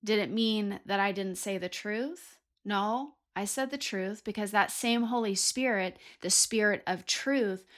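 A woman's voice: mid-range voice, fairly bright tone. A woman hosting a Christian talk, telling a personal story and acting out her own prayers with earnest feeling. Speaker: podcast host.

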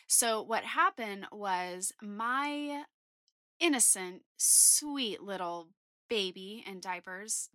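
A woman in her thirties hosting a faith podcast, telling a personal story in a chatty, candid, animated way. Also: medium pitch, slow pace, no echo, studio quality. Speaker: podcast host.

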